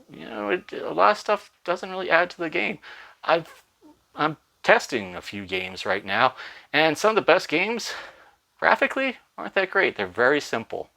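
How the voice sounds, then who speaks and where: A man's voice: medium pitch, bright, forceful tone. A man hosting a gaming channel, giving casual, rambling commentary with many fillers.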